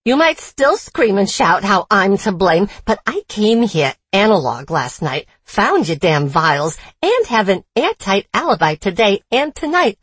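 A woman reading a story aloud and voicing a boastful, unhinged female murderer with a grating Boston accent and a loud, mocking delivery. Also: mid-range voice, big pitch swings, measured pace, hardly any pauses, slightly rough, no echo. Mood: gloating.

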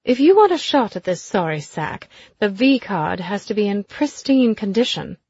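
A woman voicing a brash, blunt aristocratic lady who teases loudly and bawdily. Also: medium pitch, sing-song, moderate pace, slightly rough, no echo, muffled recording. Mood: cheeky. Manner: loud, cheeky and bawdy. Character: brash posh older woman, teasing and blunt.

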